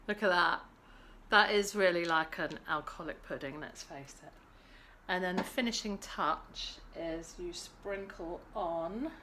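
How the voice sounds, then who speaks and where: A woman's voice: on the low side, bright, forceful tone, a little hiss or hum. A woman hosting a casual cocktail-making vlog at home, chatty and playful. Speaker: host.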